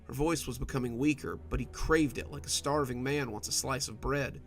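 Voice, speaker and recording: A man narrating a scripted horror story in a measured, steady way. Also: mid-range voice. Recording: soft background music.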